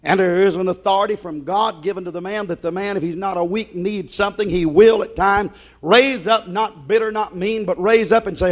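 A man preaching a sermon, swinging between loud emphasis and quiet asides and putting questions to the congregation. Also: high voice, fairly quick.

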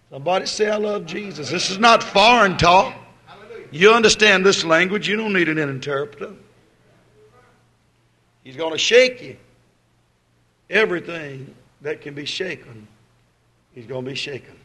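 Preacher, male, fairly high-pitched, folksy, alternates booming calls and soft asides. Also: expressive, normal speed, pauses often. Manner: folksy, swinging from loud exhortation to quiet asides. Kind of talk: sermon.

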